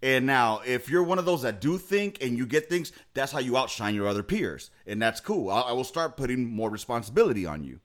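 A man's voice: medium pitch, very animated, brisk, few pauses. A young man co-hosting a casual podcast chat over a video call, talking in a blunt, emphatic and profane way. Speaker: podcast co-host.

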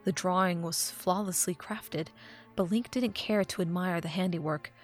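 A woman reading a fan fiction audiobook, with expressive narration that drops to a hush at dramatic moments. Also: fairly low pitch, moderate pace, faint music behind.

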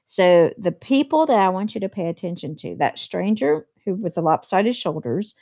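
A woman's voice: medium pitch, sing-song, normal speed, creaky, mellow. A woman teacher explaining a novel chapter to her students, reading quotes aloud and adding plain commentary.

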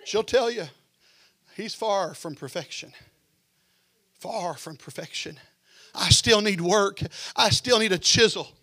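Male pastor, fervent sermon, high-pitched, sharp tone, swings from shouts to hushed. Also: takes it slowly, pauses often, no room sound. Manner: fervent preaching, building to shouts, then dropping low.

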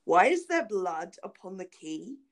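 A woman's voice: on the low side, very animated, measured pace. A woman reading the lines of a cruel, cold nobleman husband in a stern, threatening voice. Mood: demanding.

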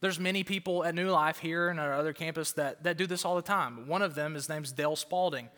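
A man's voice: on the high side, fast, sharp tone. A male pastor preaching a fired-up sermon to a crowd in a church auditorium, often repeating words for emphasis. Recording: long hall reverb.

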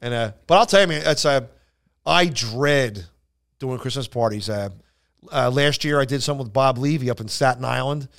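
A man's voice: mid-range voice, moderate pace, fairly bright tone. A man who is a comedian telling rambling anecdotes on a casual podcast, full of restarts and acted-out quotes. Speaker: stand-up comedian and podcast co-host. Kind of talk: casual storytelling chat.

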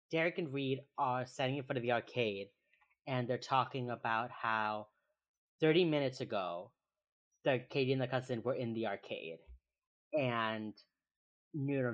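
A podcast co-host giving a casual, chatty recap of a TV episode, full of quick asides and "like" fillers. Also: medium pitch, fairly bright tone, muffled recording.

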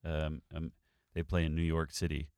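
A man's voice: very deep voice, completely flat delivery, normal speed, a little mellow, clean tone, no echo, clean studio sound. A man working through a crossword with friends in casual chat, thinking aloud with hesitant restarts. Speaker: crossword solver leading the puzzle.

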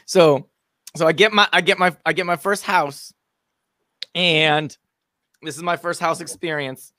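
Lady spinning a crazy story, gets loud and shouty at the punchlines, bright voice. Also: low-pitched, unhurried, dry recording, studio quality. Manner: animated, builds to shouting peaks at the punchlines. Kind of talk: casual comedic storytelling.

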